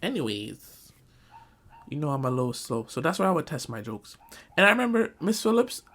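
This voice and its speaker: A man's voice: fairly high pitch, big pitch swings, fairly quick, fairly bright tone. A young man telling a comic school story in a storytime vlog, acting out quotes. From Jamaican family, Caribbean community. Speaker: vlogger.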